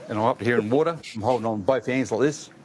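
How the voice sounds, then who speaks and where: A man's voice: medium pitch, fast, a little mellow, slight background noise. A man with an Australian accent recounting a survival story in plain, matter-of-fact slang. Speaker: crocodile attack survivor in a played clip. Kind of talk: telling a true story on camera.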